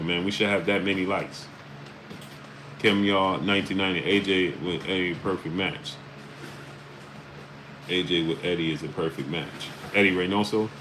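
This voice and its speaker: A man from Brooklyn with a New York accent hosting a casual live stream, reading out viewer names with quick greetings and speaking bluntly and emphatically. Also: deep voice, background noise.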